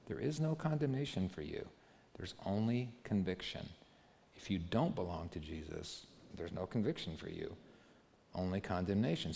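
A man preaching a sermon as a pastor, moving from hushed, gentle passages to loud, animated ones. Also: medium pitch, creaky. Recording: long hall reverb.

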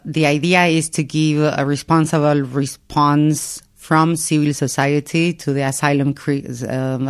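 A woman rabbi, a guest on the show, explaining her work in a measured way with pauses and restarts. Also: deep voice. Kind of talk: explaining in a podcast interview.

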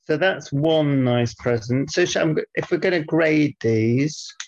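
A man from northern England co-hosting a comedy podcast, deadpan and needling. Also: on the high side, unhurried. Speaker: podcast co-host. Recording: dull lo-fi sound.

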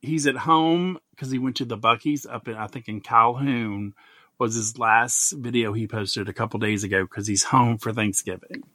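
Male podcast host, bright and dry, chatty and effusive. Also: medium pitch, normal speed, no room sound. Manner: gushing, animated storyteller who acts out quoted remarks. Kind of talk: casual chat.

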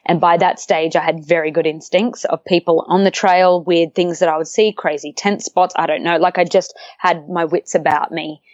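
A woman's voice: lowish voice, steady tone, normal speed, few pauses, no echo. Chatty young woman, muffled sound. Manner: chatty, laughing, acts out quoted voices. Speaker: guest. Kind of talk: casual storytelling interview.

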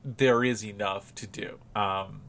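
A man's voice: on the low side, steady tone, slow pace, vocal fry, a bit bright. A man co-hosting a podcast in casual chat, rambling through restarts and laughing often. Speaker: podcast co-host.

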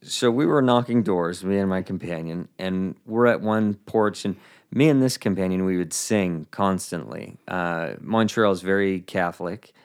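Brief man, comedian guest, lowish voice, lively anecdote telling. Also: normal speed, smooth. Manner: lively storyteller, acts out voices with laughs. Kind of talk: animated comic storytelling.

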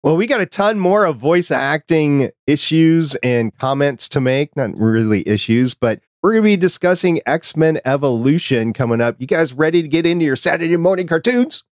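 Animated male podcast host. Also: a little high, normal speed, few pauses, no echo, clean studio sound. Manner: animated, leads the discussion. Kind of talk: casual podcast chat.

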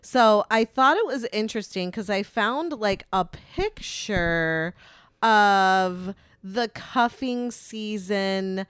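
A woman's voice: mid-range voice, expressive, takes it slowly, fairly bright tone, clear, resonant tone, dry recording. A woman co-hosting a radio show, chatting casually in a rambling, laughing way, a little stuffy in the nose. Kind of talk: casual chat.

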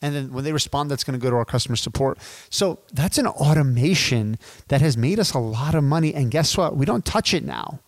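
A man in his thirties teaching business as a podcast guest, animated and casual, addressing listeners as dude and my friends. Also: medium pitch, a little fast, no echo. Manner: acts out sales calls in quoted voices.

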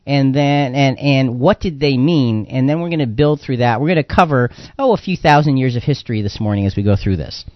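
A man's voice: medium pitch, lively intonation, fairly quick, hardly any pauses, no room sound, highs cut off. A man hosting a Christian radio talk program in casual chat, rambling and repeating words with many fillers. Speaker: radio talk show host.

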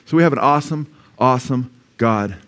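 A man preaching a sermon as pastor, talking conversationally with frequent asides and bursts of loud praise. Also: medium pitch, fairly quick. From California. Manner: exclaims praise loudly.

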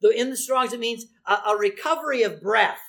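A man in his sixties preaching a sermon, animated and conversational, with frequent asides to the congregation. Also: extremely high pitch, fairly quick. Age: 60s. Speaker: pastor.

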